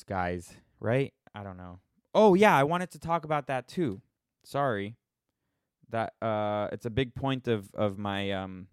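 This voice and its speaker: A man's voice: fairly low pitch, clear, resonant tone, dry recording, clean studio sound. A man ranting casually to his viewers, sarcastic and rambling, poking fun at himself. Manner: sarcastic, rambling, self-mocking. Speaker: vlogger. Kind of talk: casual opinion rant.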